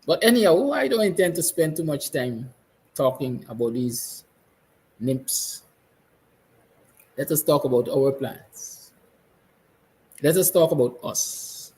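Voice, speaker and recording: A man's voice: on the high side, expressive, takes it slowly, long pauses, rough recording. Fiery Guyanese man, emphatic. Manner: fiery, emphatic, repeats lines; soft, tender passages. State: emotional, near tears. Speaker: host. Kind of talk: impassioned monologue.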